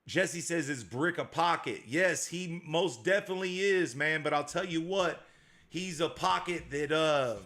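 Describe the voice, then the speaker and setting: A man's voice: fairly high pitch, measured pace, a bit bright. A man hosting a casual livestream as a dog breeder, reading out viewer comments in a slangy, repetitive way.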